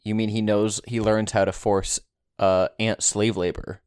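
Podcast guest dude, lower voice, wry and kinda hesitant. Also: male voice, little pitch movement, a little slow, darkish tone, smooth, no room sound, clean studio sound. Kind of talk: casual podcast chat.

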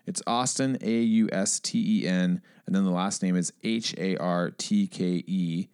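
A man with a somewhat low voice co-hosts a podcast in easy, casual chat. He reads listener comments aloud, stumbling now and then and laughing at himself. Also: steady tone, unhurried, a little mellow, smooth. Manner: playful, self-deprecating, stumbles while reading. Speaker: podcast co-host.

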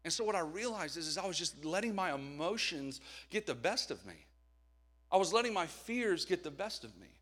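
A man's voice: on the high side, very animated, a little fast, fairly bright tone. A middle-aged man preaching a candid, conversational sermon with jokes along the way. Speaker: pastor.

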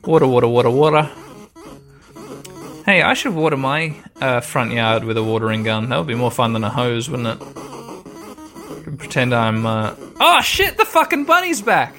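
A man's voice: mid-range voice, moderate pace, pauses often, a bit bright, soft background music. A man casually commenting on a video game as he plays, rambling and swearing freely. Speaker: gamer. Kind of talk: casual let's-play commentary.

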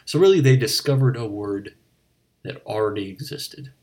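A man hosting a comedy bit as a bartender, rambling in a deadpan way with slips and restarts. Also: medium pitch, normal speed. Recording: voice a bit distant from the mic.

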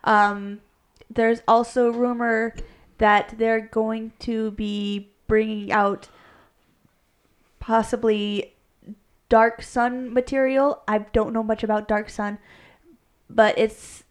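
A woman's voice: a little high, little pitch movement, takes it slowly, pauses often, smooth. A woman co-hosting a casual podcast, rambling and correcting herself as she explains tabletop game lore, laughing often. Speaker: podcast co-host, game master. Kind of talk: casual chat.

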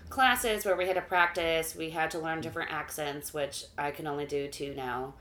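Lowish chatty young woman, roomy sound. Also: normal speed, a bit bright, slight background noise. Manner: chatty storytelling, many filler words. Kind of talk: casual chat. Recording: echoey room.

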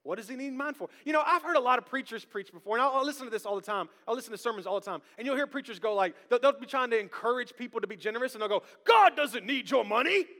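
High, bright-voiced preacher in a big hall. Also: male voice, racing, hardly any pauses. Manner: lively, humorous, calls out to the congregation. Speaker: pastor. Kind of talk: sermon. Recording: long reverb of a large hall.

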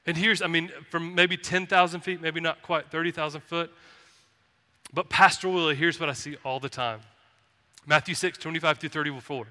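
A man preaching a sermon as pastor, earnest and pleading, often dropping to a soft, gentle tone. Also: a little high, fairly even intonation, fairly quick. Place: church sanctuary. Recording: reverberant church hall.

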